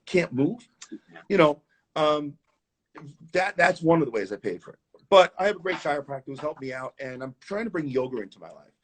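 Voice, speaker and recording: Talking a little fast in a voice on the high side, this New York tap dancer spins animated stories during a relaxed video-call interview, often repeating his words.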